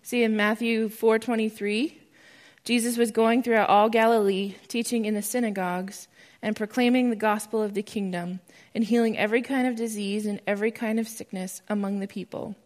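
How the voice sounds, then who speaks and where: A young woman from the United States giving a testimony and teaching at church, animated and growing loud and excited as she tells the story. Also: a little high, fairly quick. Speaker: speaker sharing a testimony. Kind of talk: church testimony talk with slides.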